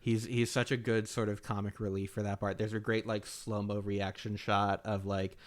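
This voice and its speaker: A man's voice: lowish voice, flat delivery, moderate pace. A man co-hosting a podcast, talking casually about movies, laughing often and acting out scenes. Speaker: podcast co-host. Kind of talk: casual film discussion.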